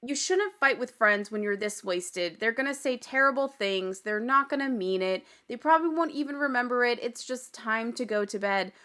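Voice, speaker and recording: A woman recaps a reality show on her podcast in a chatty, gossipy way, her voice sitting a little high. She talks casually and often slips into laughter. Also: normal speed, few pauses, bright, forceful tone. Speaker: podcast host.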